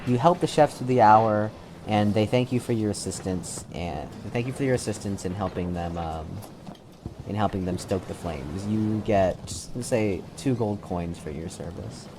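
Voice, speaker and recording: A man's voice: fairly low pitch, moderate pace, noisy background. A man narrating a tabletop game as game master, laid-back, with many fillers and restarts.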